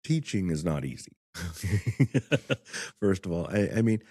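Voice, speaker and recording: A man's voice: sits low, lively intonation, slow pace, darkish tone, husky, dry recording, studio quality. A man in his sixties, a former attorney turned teacher, chatting as a podcast guest and telling stories with frequent laughs. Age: 60s. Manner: chatty storyteller who laughs often. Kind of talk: casual podcast conversation.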